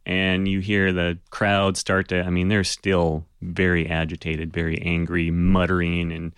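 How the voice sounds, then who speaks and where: A man narrates a tabletop game session as its game master, talking slowly in a loose, conversational way. His voice sits low and sounds clear and resonant. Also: monotone, a bit bright, no room sound, studio quality. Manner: loose and conversational, many fillers.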